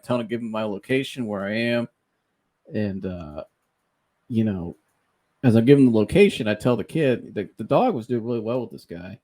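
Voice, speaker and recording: Dude on a podcast telling a crazy story, keeps laughing, does little voices for people, mid pitch. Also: male voice. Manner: animated storyteller, laughs often, mimics people he quotes. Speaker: podcast host. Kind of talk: casual storytelling.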